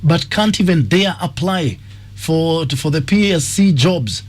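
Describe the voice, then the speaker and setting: A man's voice: fairly high pitch, animated, a little slow. A man with a Kenyan accent hosting a radio call-in show, reading listener messages aloud. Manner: reads listener messages aloud, brief replies. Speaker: radio host.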